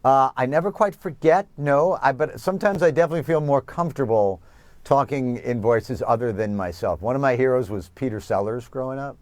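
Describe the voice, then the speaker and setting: A man in his forties from New York, a TV interview guest who talks in an animated, self-mocking way and laughs often. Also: mid-range voice, fairly quick, no echo. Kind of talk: remote TV interview.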